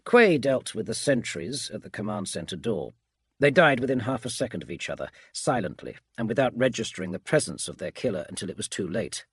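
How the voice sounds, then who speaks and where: A man giving calm, measured bedtime audiobook narration of a science fiction story. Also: lowish voice, breathy edge, dry recording.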